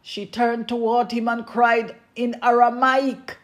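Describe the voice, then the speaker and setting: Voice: medium pitch, flat delivery, measured pace, few pauses. A preacher delivering a sermon, repeating refrains with emphasis and speaking straight to the congregation.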